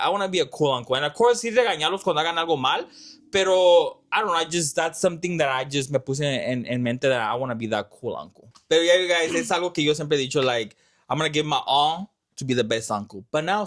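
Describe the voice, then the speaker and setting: A man's voice: fairly high pitch, fast. A young man hosting a vlog, telling stories in a loose casual chat full of fillers and swearing. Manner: animated storytelling, lots of fillers and swearing. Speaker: vlog host.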